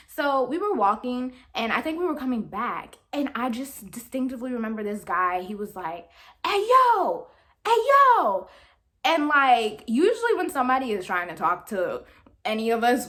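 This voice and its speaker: A young woman, telling a chatty storytime to her viewers. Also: on the high side. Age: young adult. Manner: animated, chatty, addresses viewers as y'all. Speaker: vlogger. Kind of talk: storytime vlog.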